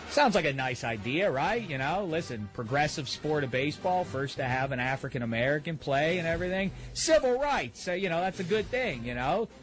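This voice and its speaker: A man hosting a radio show, telling exasperated comic stories and shouting the punchlines. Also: on the high side. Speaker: radio host. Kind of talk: comedic radio rant. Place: Los Angeles.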